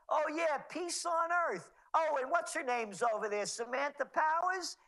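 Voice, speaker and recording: A man's voice: extremely high pitch, sharp tone, poor audio. A man speaking as a guest on a talk radio show, sarcastic and indignant, mocking the people he names. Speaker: guest commentator.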